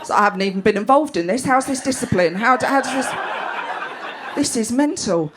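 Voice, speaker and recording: A woman's voice: high voice, animated, a little fast, noisy background. Blunt, sweary woman comedian. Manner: blunt, sweary, laughs while talking. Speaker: stand-up comedian. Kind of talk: stand-up comedy set. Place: comedy club stage.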